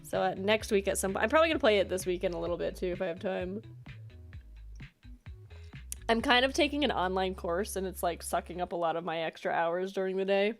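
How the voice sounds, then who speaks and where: A chatty woman streamer at a mid pitch who talks with her viewers as she plays, rambling and breaking into laughter. Game music plays faintly behind her. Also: a little fast. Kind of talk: casual gameplay chat.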